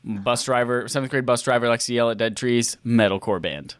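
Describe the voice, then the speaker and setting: A man's voice: mid-range voice, fairly quick, dry recording, clean studio sound. A man co-hosting a podcast who plays a quiz, thinking aloud in a jokey, casual way. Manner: thinks aloud, jokey, puts on mock voices. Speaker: podcast co-host playing a quiz.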